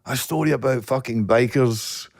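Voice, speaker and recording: A man's voice: medium pitch, normal speed, a little mellow, no room sound, studio quality. A man with a Glaswegian Scottish accent, a guest telling stories in casual podcast chat, swearing freely and laughing. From Scotland. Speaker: actor guest.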